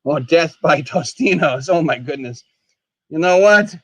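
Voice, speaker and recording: Excitable high-voiced male stream host. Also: unhurried, dry recording. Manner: excitable, keeps exclaiming, calls himself the dead skeleton in third person. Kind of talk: casual live stream chat while eating.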